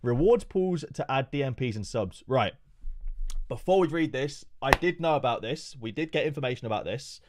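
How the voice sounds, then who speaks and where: A man on a live stream, reading an update aloud with excitable, profane asides. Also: medium pitch, moderate pace, a little hiss or hum. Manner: excitable and profane, joking asides between read passages.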